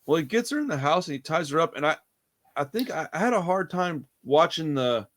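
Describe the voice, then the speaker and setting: A man talking casually about a movie. He is animated, swears freely and laughs often. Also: a little high, a little fast. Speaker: podcast co-host.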